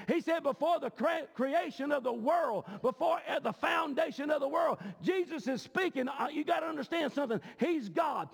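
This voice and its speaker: Preacher guy hollering his sermon, real high gravelly voice, long echo in the hall. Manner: shouting, preaching with rising cadence.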